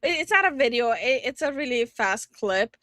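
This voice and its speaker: A woman's voice: a little high, expressive, moderate pace, a bit bright, dry recording, clean studio sound. A young woman chatting casually on a stream, giggly and teasing. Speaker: streamer and co-host.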